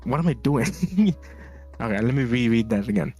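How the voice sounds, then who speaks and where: Relaxed rambling male streamer, music behind. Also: medium pitch, moderate pace. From Philippines. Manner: relaxed, rambling, laughs often, reads chat aloud. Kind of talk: casual chat while drawing.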